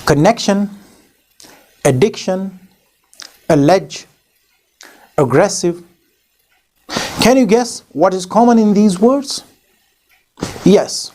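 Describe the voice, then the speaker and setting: A man teaching Quran recitation in a deliberate voice-over, spelling out letters and sounds one by one and putting questions to the viewer. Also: sits high, darkish tone, slight background noise. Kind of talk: slow, deliberate instructional voice-over.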